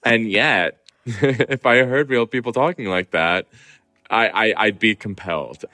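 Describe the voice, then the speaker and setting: A man from Southern California, a guest columnist talking in a casual, animated and chatty interview. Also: on the low side, a little slow. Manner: animated, chatty, self-deprecating.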